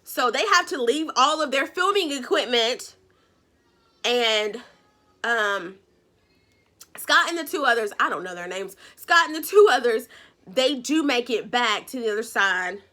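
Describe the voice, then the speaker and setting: Sassy high-voiced woman recapping a show. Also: measured pace, long pauses. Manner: animated, sassy, acts out characters' lines. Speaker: recap vlogger.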